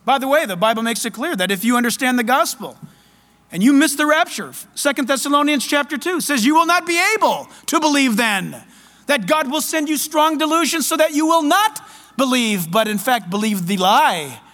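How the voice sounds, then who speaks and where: A man preaching a sermon as pastor, fervent, loud and excited. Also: very high-pitched, moderate pace, long reverb tail.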